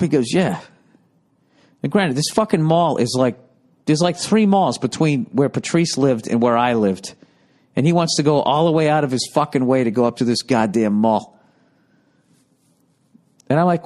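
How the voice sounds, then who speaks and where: A man's voice: on the low side, normal speed, darkish tone. A middle-aged man telling stories in a casual, profane, rambling monologue with self-mocking asides. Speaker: comedian.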